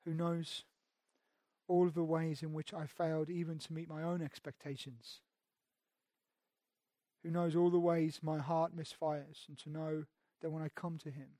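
A man delivers a sermon in a fairly high voice. He swings between raised, emphatic lines and soft, intimate passages, often repeating or restarting his words. The sound is dry and close, with no room echo. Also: little pitch movement, unhurried. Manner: preaching with dramatic swings between loud emphasis and hushed intimacy. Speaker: pastor.

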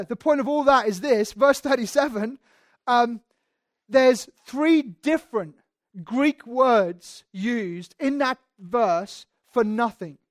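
A woman's voice: on the high side, no room sound. A woman preaching a conversational sermon, chatty and emphatic, with frequent ums and repeated words.

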